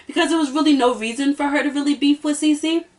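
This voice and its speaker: A woman's voice: sits high, fast talker, distant mic. A woman hosting a casual reality-show review, sassy and emphatic, hammering her points home by repeating them. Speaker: host.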